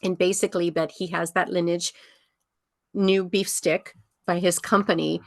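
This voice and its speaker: A woman's voice: fairly low pitch, flat delivery, moderate pace, creaky, no echo, clean studio sound. A woman over fifty, a health coach giving a casual workshop talk, chatty and rambling with many ums and restarts.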